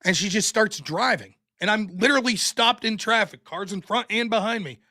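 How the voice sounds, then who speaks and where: A man hosting a podcast, telling a story in a casual, animated way. He acts out the people he quotes with loud bursts and laughs often. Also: high voice, normal speed. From United States. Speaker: podcast host.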